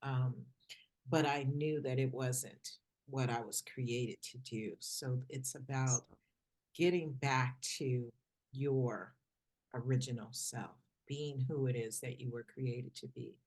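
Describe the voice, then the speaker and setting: Slow, measured woman podcast host. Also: a bass voice, steady tone, darkish tone. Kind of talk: podcast interview.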